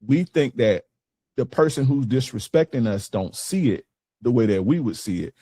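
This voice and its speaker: A man's voice: medium pitch, animated, normal speed, warm tone, slightly rough, dry recording. Blunt cussing dating coach guy, aave, dry close sound. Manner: blunt, profane, emphatic. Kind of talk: casual coaching talk to a group.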